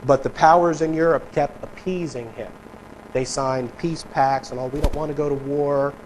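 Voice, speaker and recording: A man's voice: on the high side, fairly even intonation, normal speed, a little mellow, a little hiss or hum, poor audio. A man preaching a sermon in a conversational, emphatic way, talking with his congregation and reading quotes aloud. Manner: conversational, emphatic, mock voices for politicians. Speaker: pastor. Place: church sanctuary.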